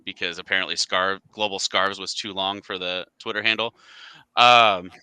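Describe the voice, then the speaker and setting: Bright, crisp-voiced man on a call. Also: low-pitched, no room sound. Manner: relaxed, chatty, laughs easily. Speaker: guest, scarf company representative. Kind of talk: casual video call chat.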